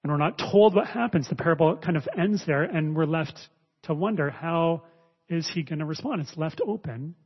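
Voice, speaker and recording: A male preacher teaching a sermon, expressive, swinging between raised emphasis and quiet asides. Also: fairly high pitch, normal speed, husky. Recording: dull lo-fi audio with long reverb.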